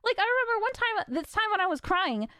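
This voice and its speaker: A young woman streamer ranting casually, frustrated and swearing with nervous laughs, her voice a little raspy from talking. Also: extremely high pitch, very animated, fast, sharp tone, dry recording, studio quality.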